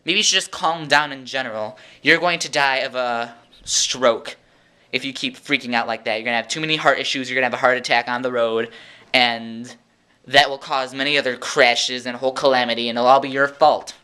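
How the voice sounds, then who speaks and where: A man's voice: medium pitch, steady tone, fast, sharp tone, smooth. A teenage boy ranting in a sarcastic, exasperated vlog monologue at home. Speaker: vlogger.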